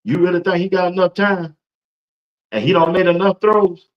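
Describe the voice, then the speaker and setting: A man's voice: sits high, little pitch movement, normal speed, lo-fi sound. A man, hosting a casual live-stream sports talk show, chatty and loose and speaking to viewers in the chat by name.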